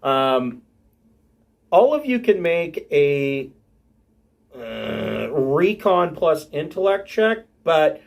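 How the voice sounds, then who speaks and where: A man narrating a tabletop game as game master, halting and filling gaps with ums and uhs. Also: a little high, big pitch swings, vocal fry.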